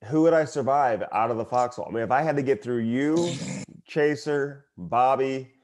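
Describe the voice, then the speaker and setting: A man's voice: medium pitch, moderate pace, a little mellow. Laughing male podcast storyteller. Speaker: podcast co-host, broadcaster. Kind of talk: casual chat.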